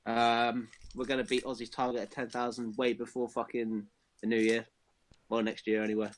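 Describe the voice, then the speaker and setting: A man's voice: medium pitch, level tone, normal speed, slight background noise. A man co-hosting a podcast in casual, sweary chat. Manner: laid-back, swears casually. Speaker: podcast co-host.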